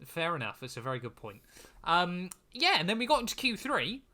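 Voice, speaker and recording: Young man, podcast co-host, bright and animated, self-deprecating. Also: high voice. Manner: lively, self-deprecating, quick asides. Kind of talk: casual chat.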